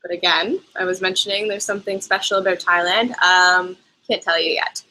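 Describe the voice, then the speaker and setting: A woman's voice: fairly low pitch, fairly even intonation, moderate pace, few pauses, sharp tone, rough recording. A young woman hosting a live travel chat, answering viewers' questions in a chatty, rambling way with frequent asides. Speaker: travel show host.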